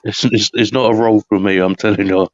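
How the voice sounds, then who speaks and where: A man's voice: fairly low pitch, steady tone, fast talker, highs cut off. A man from the UK hosting a live podcast, rambling and chatty, laughing often. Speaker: podcast host. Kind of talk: casual live podcast chat.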